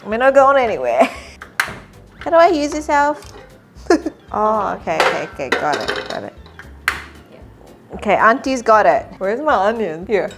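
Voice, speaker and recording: A woman's voice: mid-range voice, sing-song, measured pace, long pauses, over music. A woman in her thirties hosting a casual cooking vlog, chatty and giggly. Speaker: host.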